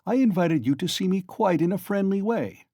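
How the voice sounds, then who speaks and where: A man's voice: high voice, animated, normal speed, mellow, slightly rough, no room sound, clean studio sound, pitched above the performer's own voice, heavily acted. A man doing a sly, mocking examining lawyer. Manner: sly, mocking and good-humored, chuckling. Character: sly, ironic middle-aged male examining lawyer.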